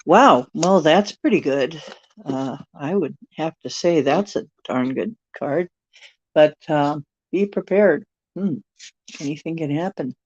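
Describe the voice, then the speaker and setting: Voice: medium pitch, slow pace, a little mellow. An older tarot reader on a livestream, reading card texts with rambling, joking asides. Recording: dry, dull lo-fi stream audio.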